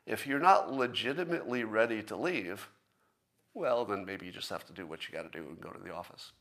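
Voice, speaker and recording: A podcast host gives a casual solo monologue, plain-spoken and self-assured, persuasive and conversational, with many rhetorical questions. His voice is on the low side, expressive, brisk and a bit bright.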